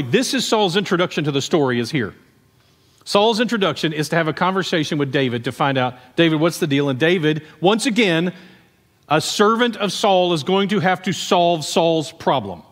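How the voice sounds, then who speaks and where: A man preaching a sermon, telling the story in a conversational, animated way with asides to the congregation. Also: sits high, long reverb tail. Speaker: pastor.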